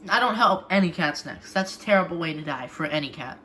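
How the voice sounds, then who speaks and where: A woman talking in a casual home vlog, halting and often restarting her sentences. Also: low-pitched, expressive, bright, forceful tone, a little hiss or hum. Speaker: vlogger.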